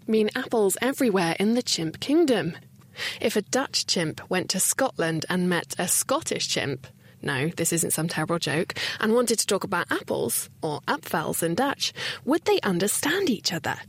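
Woman science reporter, playful, lively intonation, a touch husky. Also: mid-range voice, a little slow.

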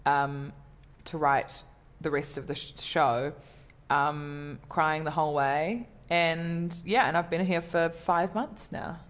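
A woman's voice: low voice, steady tone, takes it slowly, hardly any pauses. A woman comedian chatting casually in an interview, talking in a self-deprecating way with many fillers and restarts. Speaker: comedian guest.

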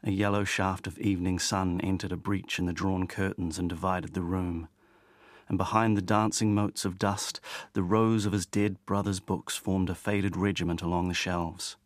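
A man narrating a novel in a measured, steady way. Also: low voice, dry recording. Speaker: audiobook narrator. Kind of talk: scripted narration.

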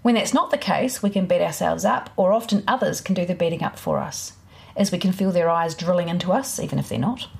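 A woman speaking as a parenting expert, explaining in a relaxed, practical, conversational way. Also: lowish voice, fairly quick, gravelly. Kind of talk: explanatory interview talk.

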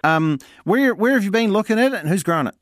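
A male radio host, chatting quickly and jokily on air. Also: high voice, dry recording, clean studio sound. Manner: quick, jokey, animated. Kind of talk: breakfast radio chat.

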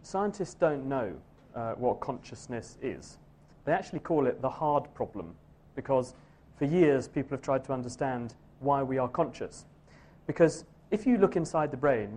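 A man's voice: mid-range voice, warm tone. A man answering an audience question on a live science radio show, explaining fluently and at length. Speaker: science presenter.

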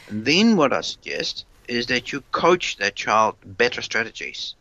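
Bright-voiced man explaining parenting advice. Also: medium pitch, very animated, normal speed, no echo, lo-fi sound. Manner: repeats words while thinking, acts out what a parent might say. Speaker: parenting expert guest.

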